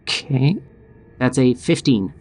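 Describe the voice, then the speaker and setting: A man playing a tabletop role-playing game who plans out loud with hesitant fillers. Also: medium pitch, animated, slow. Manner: hesitant, many fillers while planning. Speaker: player.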